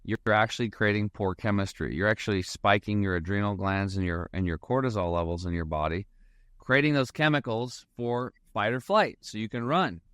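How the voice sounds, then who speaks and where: A man's voice: fairly low pitch, normal speed, fairly bright tone, dry recording, studio quality. A man, a financial advisor guest, chatting casually in a rambling storytelling way and acting out bits of dialogue. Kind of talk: casual podcast conversation.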